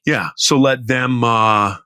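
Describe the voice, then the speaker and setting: A man's voice: medium pitch, slow pace, sharp tone, clear, resonant tone, no room sound. A man co-hosting a podcast, chatting casually, rambling off on tangents and laughing often. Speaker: podcast co-host. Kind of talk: casual chat.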